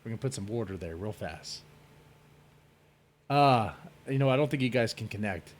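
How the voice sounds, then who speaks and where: A man's voice: lowish voice, lively intonation, moderate pace. A man hosting a casual livestream debate, rambling and joking with his chat. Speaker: stream host.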